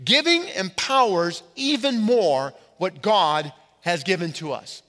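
A pastor giving a sermon to his congregation, leaning hard on key words and slowing down to stress them. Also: high voice, lively intonation, pushed and bright. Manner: emphatic preaching with slow stressed words. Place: church sanctuary. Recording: reverberant hall.

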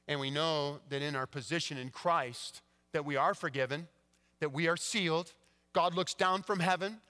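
A male pastor preaching a sermon, swinging between hushed, quiet passages and emphatic, rising declarations. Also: fairly high pitch, normal speed. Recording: long church-hall reverb.

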